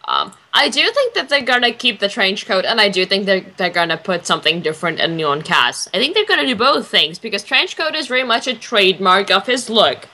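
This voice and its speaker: A woman's voice: medium pitch, big pitch swings, brisk, hardly any pauses, sharp tone. A woman co-hosting a fan podcast, talking enthusiastically as a fan. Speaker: podcast co-host. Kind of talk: casual chat.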